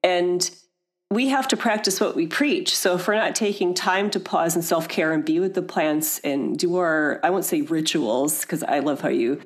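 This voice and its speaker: A woman's voice: lowish voice, normal speed. A woman guest on a podcast who runs her own aromatherapy business. She chats casually, laughs a lot and often trails off mid-sentence. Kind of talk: casual interview chat.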